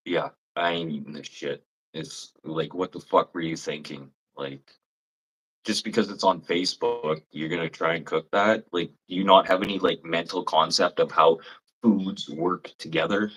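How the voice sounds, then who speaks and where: A Canadian man chatting with viewers on a livestream, blunt and rambling, swearing freely and mimicking people in high mocking voices. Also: measured pace, pauses often, fairly bright tone, husky, low-quality recording. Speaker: livestream host. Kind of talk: casual live chat with viewers.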